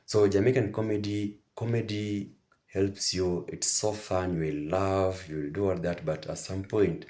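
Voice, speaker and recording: Deep-voiced man hosting a reaction video. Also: fairly even intonation, measured pace, dark tone. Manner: enthusiastic and repetitive, circling back to his points. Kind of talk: casual commentary to viewers.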